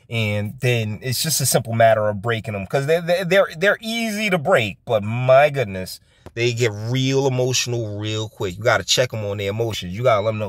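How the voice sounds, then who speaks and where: A man's voice: medium pitch, normal speed, no echo. A man hosting a casual reaction commentary, rambling and blunt, with slang and many fillers. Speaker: host.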